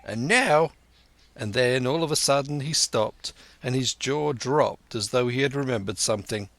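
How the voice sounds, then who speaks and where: A man reading a classic adventure novel aloud in measured, scripted narration. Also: mid-range voice, no echo. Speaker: audiobook narrator.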